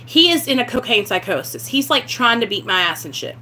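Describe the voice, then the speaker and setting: A young woman vlogger tells her camera a raw story about her recovery, blunt and candid, swearing freely. Her high voice is very animated, fairly quick, pushed and bright.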